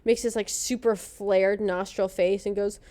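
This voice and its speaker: A woman's voice: medium pitch, fairly even intonation, unhurried, dark tone. Snarky woman recapping a TV episode. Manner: sarcastic, snarky commentary. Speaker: podcast co-host.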